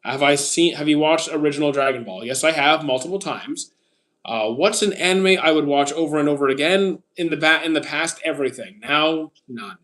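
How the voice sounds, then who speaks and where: Answering his chat on a livestream, a Canadian man in his thirties reads the questions casually and responds in a few words, frequently saying "uh." He speaks at a moderate pace in a slightly high, somewhat bright voice.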